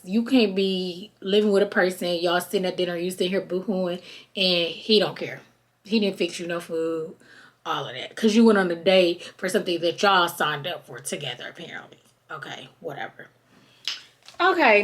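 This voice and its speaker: A woman with hosts a podcast, recapping a reality show in a loose, chatty way. She keeps slipping into the voices of the people she describes. Her voice sits in a middle range. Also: mid-range voice. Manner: chatty and animated, acts out quoted people. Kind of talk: casual recap chat.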